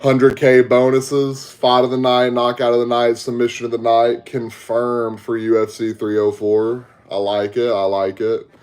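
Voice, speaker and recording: Hosting a podcast livestream on a headset mic, a young Southern-accented man from Texas chats casually with viewers, laid-back and slangy as he talks to chat. His medium-pitched voice is monotone and darkish, delivered at a measured pace with hardly any pauses.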